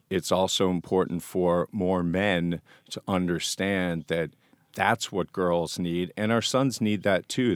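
A man giving deliberate, emphatic commentary as an interview guest. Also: low voice, smooth, no room sound.

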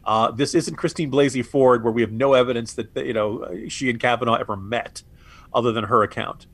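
A man's voice: mid-range voice, steady tone, fairly quick, no room sound. A man co-hosting a political podcast, sarcastic and exasperated, often stammering and restarting. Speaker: co-host.

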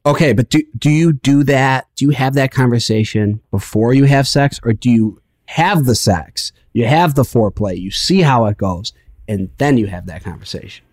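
A man co-hosting a podcast, talking candidly in a halting way that repeats words. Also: mid-range voice, darkish tone, no room sound. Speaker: podcast co-host. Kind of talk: casual chat.

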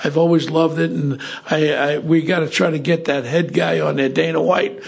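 An older man, telling stories in a gruff, colorful way during a casual chat. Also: on the high side, flat delivery, normal speed. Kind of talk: casual storytelling.

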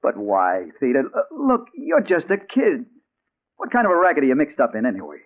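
A man's voice: fairly high pitch, huge pitch swings, brisk. A man playing a hard-boiled male crime reporter in a 1940s radio drama, narrating and talking in an urgent, anxious way. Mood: pleading. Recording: tinny old 1940s radio broadcast.

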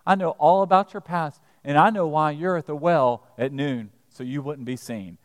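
Calm knowing male teacher, acted by a preacher, direct, high animated voice, long church reverb. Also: normal speed, close to an everyday voice. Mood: earnest.

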